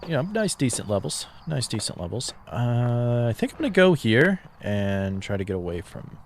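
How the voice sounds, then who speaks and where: A man's voice: medium pitch, sing-song, normal speed, gravelly, slight background noise. A man giving casual commentary while streaming a game, chatty and thinking aloud with frequent fillers.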